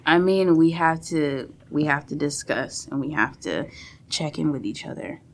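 A woman's voice: low-pitched, normal speed. A woman co-hosting a podcast in casual chat, earnest and advice-giving, laughing often. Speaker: podcast co-host.

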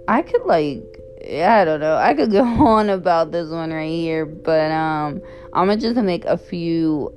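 A woman's voice: fairly low pitch, darkish tone. A young woman giving candid, blunt advice in a casual chat, with frequent fillers.

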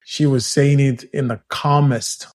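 A man co-hosting a podcast in casual chat, telling stories in a teasing, animated way. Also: mid-range voice, measured pace. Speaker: podcast co-host.

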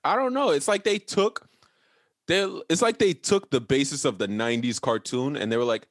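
A man's voice: a little high, sing-song, moderate pace, a bit bright, no echo, clean studio sound. A man hosting a podcast in a loose, rambling, slangy way during casual banter. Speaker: podcast host. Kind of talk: casual chat.

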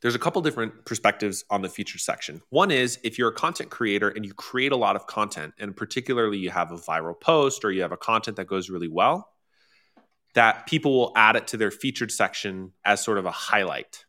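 Man with a bright, forceful voice as a chatty workshop host, animated, lots of fillers and restarts. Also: fairly quick. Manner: animated, with sudden high-pitched exclamations. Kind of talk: casual workshop talk.

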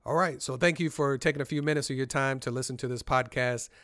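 A man hosting a podcast and giving a casual, motivational talk on leadership. He talks straight to his listeners in an easy, conversational way, at a mid-range pitch. The recording is close and dry, with no room sound. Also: fairly even intonation, fast talker, fairly bright tone, dry recording. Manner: conversational, addresses listeners directly. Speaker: podcast host.

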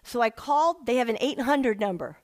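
A middle-aged woman telling her personal faith testimony in an emotional, animated way, acting out the people she quotes. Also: on the high side, a little fast. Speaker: speaker sharing a personal testimony.

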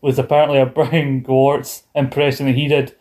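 A man's voice: mid-range voice, flat delivery, brisk, darkish tone. A man, co-hosting a podcast and animatedly retelling wrestling shows, acting out the quotes. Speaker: podcast co-host. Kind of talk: casual wrestling recap chat.

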